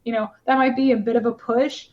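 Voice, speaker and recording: A woman's voice: on the high side, fairly even intonation, a little fast. A woman, a competitive shooter, talking casually in a podcast interview, with many fillers and restarts. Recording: slightly dull lo-fi podcast audio.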